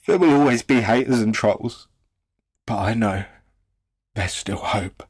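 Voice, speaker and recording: A man's voice: on the low side, measured pace, breathy edge, no room sound. A man hosts a commentary show in a mocking, rambling way, and he swears a lot. His voice is recorded close and dry, with no room sound. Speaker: host. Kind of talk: sardonic commentary.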